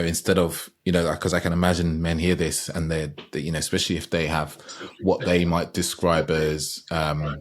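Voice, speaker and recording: Very deep-voiced reflective podcast host. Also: male voice. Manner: reflective, searching for words, summarizing guest. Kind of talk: casual podcast interview.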